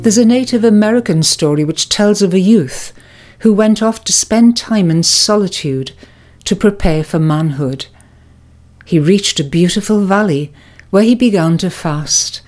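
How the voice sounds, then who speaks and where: A woman giving a scripted spiritual reflection, telling a story and drawing its lesson in a calm, measured way. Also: medium pitch. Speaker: devotional presenter.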